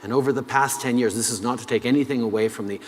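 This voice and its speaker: A man gives measured interview answers, stopping often on "uh" as he builds his points. His voice sits in a middle pitch. The sound carries a long reverb, as if in a large hall. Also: fairly even intonation. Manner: measured, with frequent "uh" pauses. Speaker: head of government being interviewed.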